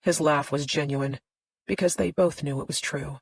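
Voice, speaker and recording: A woman narrating a thriller audiobook in a tense, steady storytelling manner. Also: deep voice, moderate pace, vocal fry, slightly rough, poor audio.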